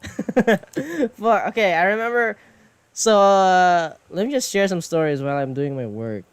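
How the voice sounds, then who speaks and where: Slow, rambling, self-mocking man. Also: sits high, animated, clear, resonant tone, dry recording. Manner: rambling, self-mocking, swears, laughs often. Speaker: streamer and animator. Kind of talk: casual chat while drawing. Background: soft background music.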